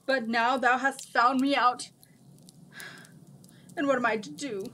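Woman doing a dramatic old jinn guy, all thee and thou, kinda high. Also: steady tone, a little slow, pushed and bright, rough recording. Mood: grandiose. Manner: archaic speech, grand declarations. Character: ancient male jinn, formal and dramatic.

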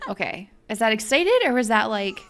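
A young woman giving excitable, chatty let's-play commentary as a gaming video host, thinking aloud as she plays. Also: fairly high pitch, a little slow.

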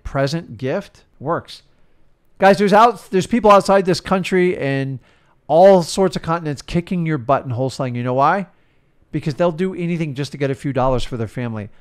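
A man's voice: on the high side, clear, resonant tone. A middle-aged man, a real estate coach, giving an emphatic motivational talk that often repeats itself. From United States. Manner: emphatic, preachy, repeats himself.

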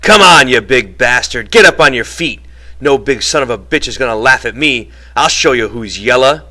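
A man's voice: mid-range voice, very animated, normal speed, bright, forceful tone, pitched above the performer's own voice. A man reading an audiobook and voicing a small, cocky, hot-tempered young brawler who snaps belligerently. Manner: belligerent, snapping.

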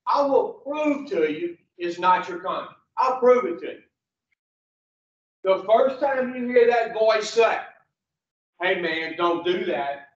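Blunt, slow man preaching to a room. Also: high voice, fairly bright tone. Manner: blunt and preachy, asks the room questions, swears. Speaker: speaker addressing rehab patients. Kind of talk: motivational talk to a group. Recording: echoey, distant, dull lo-fi sound.

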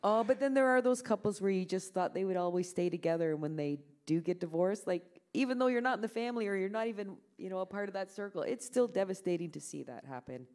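A woman's voice: mid-range voice, expressive, fast talker, few pauses, darkish tone. A middle-aged woman, an author on a festival stage, talking frankly and easily with frequent ums. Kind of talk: casual conversation.

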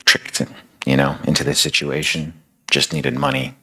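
A man preaching a sermon in a loose, storytelling style, full of casual fillers. His voice sits extremely low with a gravelly fry, and it has a husky roughness throughout. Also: level tone, moderate pace, sharp tone, low-quality recording. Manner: casual, filler-heavy retelling. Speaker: speaker.

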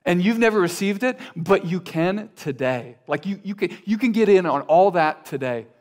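A male pastor preaching a sermon, earnest, building through repeated phrases and then dropping to quiet, intimate lines. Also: sits high, expressive, normal speed. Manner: earnest, building repetition with sudden quiet drops.

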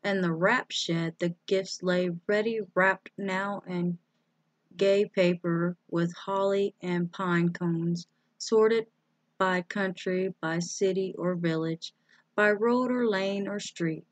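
Slow, deliberate woman reading a storybook. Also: fairly low pitch, fairly even intonation, dry recording. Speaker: storybook reader. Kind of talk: reading a children's book aloud.

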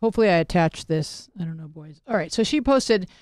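A woman's voice: fairly low pitch, expressive, fairly quick, darkish tone, no echo, studio quality. A woman hosting a casual talk show, telling stories in a chatty way. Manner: storytelling, chatty. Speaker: host. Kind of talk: casual chat. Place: Los Angeles area.

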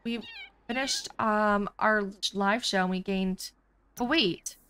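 A woman's voice: mid-range voice, takes it slowly, fairly bright tone, clean tone, no echo. A woman hosting a casual let's play, chatty, jokey and exclamatory as she comments on her game. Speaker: gaming channel host.

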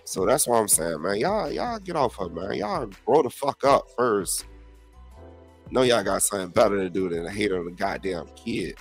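A man with a low voice hosts a solo podcast, ranting bluntly and cursing freely as he addresses his listeners. He swings between loud outbursts and muttered asides. Faint music plays softly underneath. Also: normal speed, vocal fry. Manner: blunt, profane, animated ranting. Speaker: podcast host. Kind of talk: casual solo commentary.

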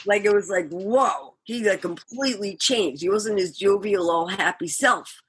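An older woman from the Boston area, a musician guest telling an animated story, laughing often and acting out quotes. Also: mid-range voice, a little slow, breathy edge, dry recording. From Boston area, USA. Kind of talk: storytelling interview.

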